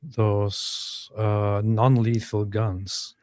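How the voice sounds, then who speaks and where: Low-voiced man reading chat aloud. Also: level tone, extremely slow, a little mellow, dry recording. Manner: reads chat comments aloud. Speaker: co-host reading viewer comments. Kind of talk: casual livestream chat.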